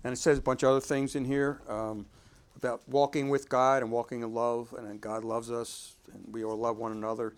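A man's voice: medium pitch, little pitch movement, brisk, clear, resonant tone. A man giving informal Bible teaching, talking conversationally and reading verses aloud with emphasis. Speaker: preacher.

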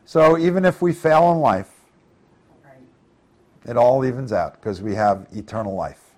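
A man's voice: mid-range voice, unhurried, darkish tone. A middle-aged man leading a Bible study, reading verses aloud and explaining them in a casual, conversational way with questions to the listeners. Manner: reads scripture aloud then explains it conversationally, asks the group questions. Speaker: preacher.

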